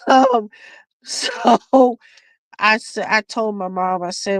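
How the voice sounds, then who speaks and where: A woman's voice: mid-range voice, wildly swooping pitch, extremely slow, no echo, poor audio. A woman hosting a casual beading stream, telling a family story with lots of laughter and restarts. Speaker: craft livestream host. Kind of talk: casual chat while beading.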